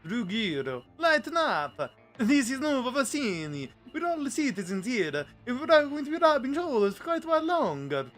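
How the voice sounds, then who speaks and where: A man voicing a brash, loud male camp leader in a goofy put-on accent while reading a game story aloud. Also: sing-song, normal speed, hardly any pauses, faint music behind, exaggerated voice. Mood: pushy cheerful. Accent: exaggerated Italian-style put-on accent. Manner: high, shouty, theatrical.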